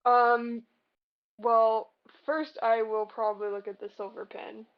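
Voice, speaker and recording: Woman player, slightly high voice, hesitant, dull lo-fi mic sound. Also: level tone, slow. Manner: hesitant, with many ums and okays. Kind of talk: tabletop game play.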